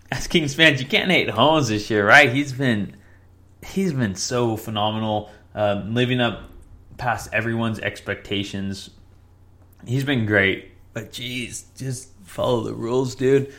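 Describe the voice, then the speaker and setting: A man's voice: mid-range voice, slow pace, sharp tone. A young man hosting a casual solo sports podcast, rambling and correcting himself often. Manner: rambling, self-correcting, with frequent fillers. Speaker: podcast host.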